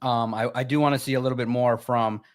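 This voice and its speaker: A man co-hosting a sports talk show, talking casually and emphatically, often jumping high in pitch to stress a point. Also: fairly even intonation, quick pace.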